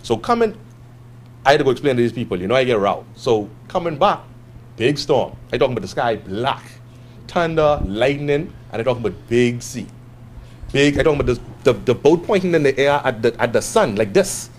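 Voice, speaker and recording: A Bahamian man, a guest entrepreneur, tells a story to a class with an animated delivery and acts out the quotes in other voices. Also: mid-range voice, brisk, a little hiss or hum. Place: classroom with a live audience.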